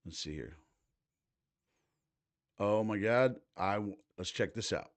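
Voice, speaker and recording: A man's voice: on the low side, slow. A man in his thirties hosting a livestream, reading posts aloud and reacting with casual, profane commentary. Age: 30s. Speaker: livestream host.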